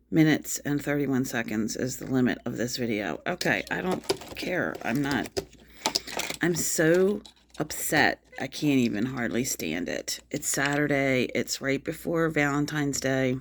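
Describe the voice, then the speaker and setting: A middle-aged woman venting angrily on a phone livestream, repeating herself as she pours out her hurt and frustration. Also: very deep voice. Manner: upset, angry, repetitive outbursts. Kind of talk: emotional venting vlog.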